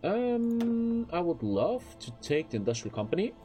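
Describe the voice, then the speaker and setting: A man's voice: high voice, big pitch swings, normal speed, mellow, faint music behind. Rambling, swearing young male streamer. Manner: rambling, profane, with filler phrases. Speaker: game streamer. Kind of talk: casual livestream chat while gaming.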